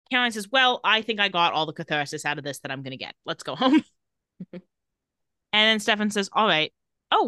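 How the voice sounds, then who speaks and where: Podcast host, woman, bright and forward voice, dry close recording, casual recap delivery. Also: fairly low pitch, no echo. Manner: narrates scenes, quoting characters.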